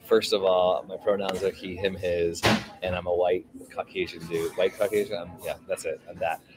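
A man's voice: sits low, level tone, moderate pace, background noise. A man hosting a live podcast, talking in an upbeat, informal, chatty way from a coffee shop over a video call. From San Francisco Bay Area. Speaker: podcast host. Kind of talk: casual live podcast chat. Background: coffee shop crowd chatter.

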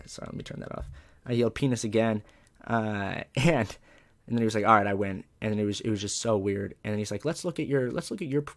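Gravelly laid-back man telling stories. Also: on the low side. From Southern California. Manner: laid-back, profane, heavy on "like" and "dude". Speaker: comedian guest. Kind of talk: casual comedic storytelling.

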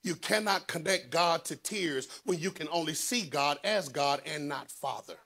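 A man preaching a sermon, swinging between loud rises and low hushed asides. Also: expressive, normal speed. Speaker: pastor.

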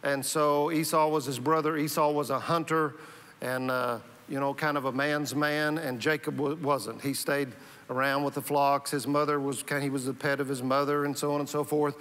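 A man's voice: a little high, level tone, moderate pace, a bit bright. A male pastor preaching a sermon in a conversational way, often restarting and repeating words. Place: church sanctuary. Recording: reverberant church hall.

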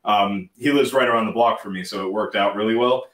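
A man's voice: fairly low pitch, fairly quick, a bit bright, recorded from a distance. Man telling band stories in an echoey room. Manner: rambling, laughs while recounting. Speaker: band member guest. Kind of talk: casual storytelling.

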